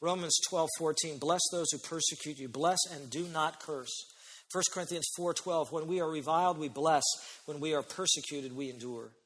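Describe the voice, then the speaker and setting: High bright-voiced preaching man. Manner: emphatic preaching, stretching key phrases slowly. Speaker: pastor. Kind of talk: sermon. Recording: long hall reverb.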